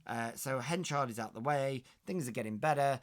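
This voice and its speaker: A man's voice: mid-range voice, moderate pace. A man reading an extract from a classic novel aloud and explaining it in a hesitant way, with many fillers. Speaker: literature video host.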